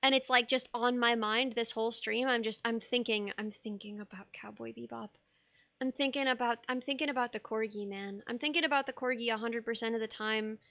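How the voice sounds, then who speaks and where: A woman's voice: a little high, fairly even intonation, a little fast, hardly any pauses, sharp tone, no echo. A young woman streaming live, chatting casually while she sculpts, bubbly and rambling, laughing often and reading chat aloud.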